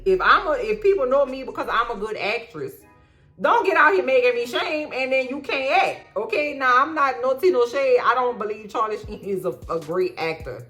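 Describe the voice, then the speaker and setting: Sassy, slangy woman recapping a documentary. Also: on the high side. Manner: sassy, slangy, profane, animated asides. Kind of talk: casual recap commentary.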